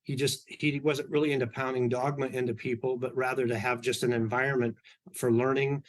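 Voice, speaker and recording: A middle-aged man telling personal stories as an interview guest, relaxed and anecdotal with frequent fillers and restarts. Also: medium pitch, a little fast. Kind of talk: storytelling in an interview.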